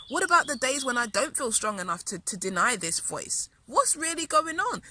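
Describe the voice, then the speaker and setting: A woman's voice: on the high side, sharp tone, a little hiss or hum. A woman, a spiritual teacher telling a personal story in an earnest, emphatic way that keeps repeating phrases.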